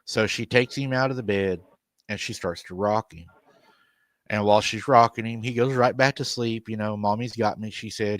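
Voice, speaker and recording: A man's voice: lowish voice, fairly bright tone, no room sound. A man hosting a paranormal show, telling a family's haunting story at length and repeating "she said" over and over. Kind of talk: storytelling retelling an interview.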